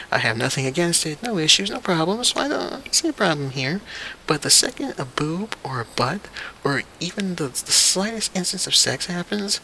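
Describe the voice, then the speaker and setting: A young man rants straight to camera in a loose, swearing, disbelieving way. His voice sits a bit high and comes across bright and forceful, with a faint hiss underneath. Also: moderate pace. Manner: animated, profane, incredulous. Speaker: vlog host. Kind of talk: casual opinion rant.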